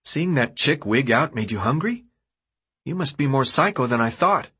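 A man's voice: medium pitch, lively intonation, normal speed, pushed and bright, slightly rough, pitched above the performer's own voice, exaggerated voice. A man voicing a blunt, sarcastic young boy in an audiobook reading, tossing off snappy, dismissive retorts.

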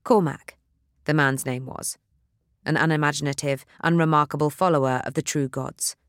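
A narrator reading a dark fantasy novel aloud in a measured, steady storytelling manner. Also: medium pitch, clean tone, no room sound, studio quality. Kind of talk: audiobook narration.

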